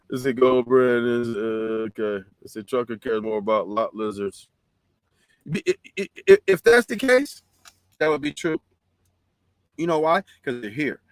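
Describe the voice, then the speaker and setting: A man's voice: on the high side, a bit bright, no room sound. A man hosting a livestream, ranting profanely and heatedly, repeating himself. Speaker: livestream host reading chat. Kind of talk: casual livestream rant.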